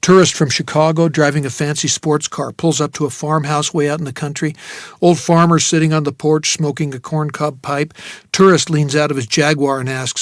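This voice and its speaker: Wry, slightly high male narrator. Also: level tone, normal speed, no echo, clean studio sound. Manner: wry, reflective. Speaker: audiobook narrator. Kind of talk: first-person novel narration.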